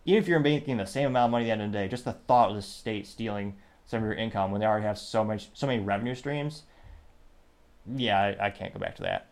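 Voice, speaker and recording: A man's voice: lowish voice, expressive, fast talker. A man from the United States hosting a solo political commentary podcast, rambling and breaking off mid-sentence while reading listener comments aloud. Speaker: podcast host.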